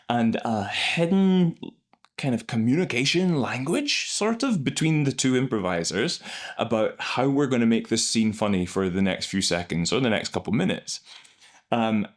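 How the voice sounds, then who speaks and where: A man, an improv coach hosting, explaining scenes in an animated, enthusiastic way. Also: mid-range voice. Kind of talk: reaction and analysis commentary.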